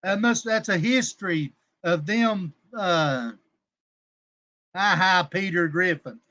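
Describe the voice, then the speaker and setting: On a casual livestream, a male host with a high-sitting voice speaks slowly, his tone pushed and bright. He rambles, gets combative and crude, and stops to greet chat viewers by name.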